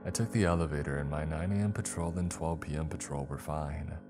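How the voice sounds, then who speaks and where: Guy with a super deep voice reading a creepypasta, steady first-person storytelling. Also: brisk, music in the background. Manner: steady storytelling, tense at scary moments. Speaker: horror story narrator.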